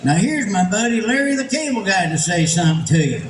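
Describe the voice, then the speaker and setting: A man's voice: high voice, very animated, fairly quick, recorded from a distance, crowd noise. A man voicing a friendly, folksy male tow truck with a drawling hick twang. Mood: cheerful. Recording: echoey venue with background noise.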